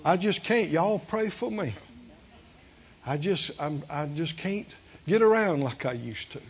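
A man's voice: fairly high pitch, animated, measured pace, lo-fi sound, pitched below the performer's own voice. A man mimicking a mopey old complainer. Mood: self-pitying. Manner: mopey, self-pitying. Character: self-pitying older person complaining.

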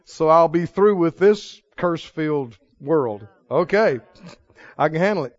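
A man preaching a sermon, chuckling often and swinging from hushed storytelling to loud proclaiming. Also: a little high, lively intonation, a little slow, no room sound. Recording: dull lo-fi recording.

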